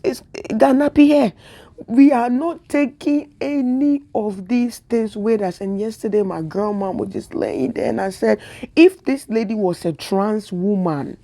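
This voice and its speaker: A woman's voice: on the high side, moderate pace, dark tone. Impassioned tearful woman vlogger. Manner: impassioned, repetitive, preacher-like. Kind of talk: emotional spiritual monologue.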